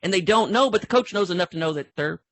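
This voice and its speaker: A man's voice: high voice, lively intonation, quick pace, no room sound. An older man, a football official telling stories in a folksy, rambling way with many restarts. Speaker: football official, guest speaker. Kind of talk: storytelling in an online training talk.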